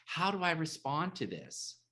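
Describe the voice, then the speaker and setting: Host on a video call, stops and restarts a lot, voice swings up and down. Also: medium pitch. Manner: halting, repeats words, emotional and animated. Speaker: podcast host and author. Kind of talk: casual interview conversation.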